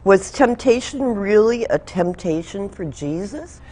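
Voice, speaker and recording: A woman's voice: medium pitch, lively intonation, a little slow, dark tone, slightly rough. A woman co-hosting a Bible teaching show, reading out a viewer question to the pastor. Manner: reads questions from a script. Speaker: co-host.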